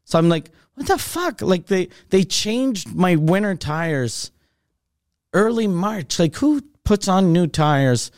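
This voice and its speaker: A man in his thirties tells a story on a podcast, his voice sitting a little high and sounding close and dry with no room around it. He talks in a loose, animated way and swears constantly. He voices every person in the story himself. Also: slow, no room sound. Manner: animated, swears constantly, acts out both sides of dialogue. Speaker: comedian podcast host. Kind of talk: casual storytelling chat.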